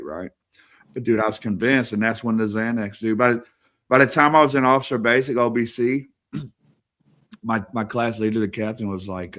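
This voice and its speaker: A man's voice: mid-range voice, animated, normal speed, fairly bright tone. A man telling rambling war stories on a podcast, swearing constantly and laughing as he talks. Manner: profane, rambling, laughs often. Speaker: podcast guest. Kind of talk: casual storytelling.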